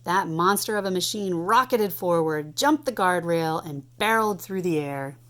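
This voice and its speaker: A woman in her thirties reading a picture book aloud at home to a child, animated and playful. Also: lowish voice, normal speed. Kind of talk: storybook read-aloud.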